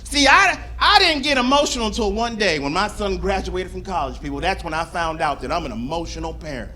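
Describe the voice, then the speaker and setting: A middle-aged stand-up comic works a club crowd, his voice sitting very high and swooping all over as he acts out a story. The tone is bright and forceful, with faint room ambience from the venue behind him. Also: fairly quick, slight background noise. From Florida. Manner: animated storytelling, squealing high shouts when acting out his crying. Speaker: stand-up comedian. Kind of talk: stand-up comedy set. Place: comedy club stage.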